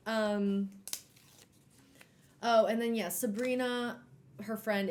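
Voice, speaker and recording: Woman streamer gushing about a book, animated, lots of ums and exclaiming. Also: fairly low pitch, a little hiss or hum. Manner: animated, exclaiming, trailing off with fillers. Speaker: streamer hosting a book club. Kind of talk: casual live-stream book chat.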